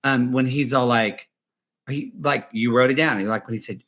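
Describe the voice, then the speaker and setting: Male guest for a casual recap podcast; gossipy, animated, likes to act out quotes with silly voices. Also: medium pitch, moderate pace. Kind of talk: casual chat recapping a reality show.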